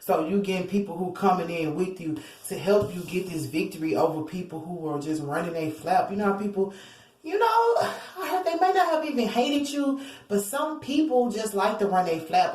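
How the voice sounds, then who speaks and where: A woman's voice: lowish voice, moderate pace, darkish tone, slight background noise. A woman giving a casual tarot reading, chatty, blunt and profane, who acts out what other people say. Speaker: tarot card reader. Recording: roomy echo.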